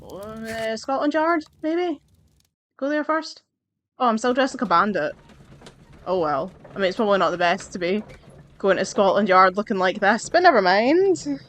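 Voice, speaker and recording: Woman gamer commenting while she plays: chatty, wry, musing to herself, relaxed and casual. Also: medium pitch, normal speed. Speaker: gamer playing through a game. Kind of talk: casual let's-play commentary.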